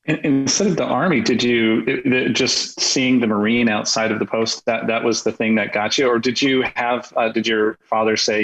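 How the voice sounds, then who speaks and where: A man's voice: lowish voice, steady tone, normal speed, fairly bright tone, low-quality recording. A man interviewing a guest, asking curious, rambling questions in a casual way.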